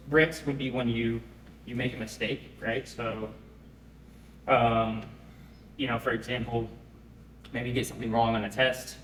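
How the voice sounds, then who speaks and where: Man pitching to a room, echoey and distant. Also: a bit bright, a little hiss or hum. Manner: conversational, checks in with the audience. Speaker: startup founder pitching. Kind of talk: live pitch presentation. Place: event room.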